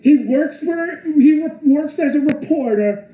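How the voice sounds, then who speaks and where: A man's voice: very high-pitched, expressive, measured pace, dark tone. Exasperated, profane man ranting in a roomy space. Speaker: streamer. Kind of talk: angry rant.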